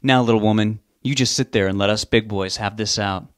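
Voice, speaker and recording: A man puts on a swaggering, menacing father from a storybook reading. He taunts and mocks, loud and self-satisfied, in a low voice. The sound is dry and close. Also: steady tone, fairly quick, no echo, close to an everyday voice. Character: menacing drunk middle-aged father with a gun.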